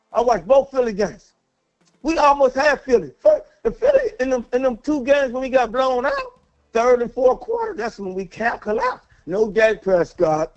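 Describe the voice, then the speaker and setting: A man calling in to a sports talk show, angry and worked up, ranting with a lot of profanity and repeating himself. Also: extremely high pitch. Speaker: caller. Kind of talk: heated call-in rant. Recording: dull lo-fi call audio.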